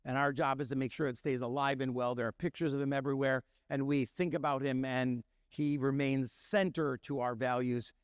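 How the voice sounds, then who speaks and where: A man's voice: medium pitch, a little fast, hardly any pauses, clean tone, no room sound, studio quality. A middle-aged man, a chef and restaurant owner from Milwaukee, telling stories to an audience and acting out the voices of the people in them. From Milwaukee, Wisconsin. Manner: animated storytelling, acting out quoted voices. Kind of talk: storytelling talk to an audience.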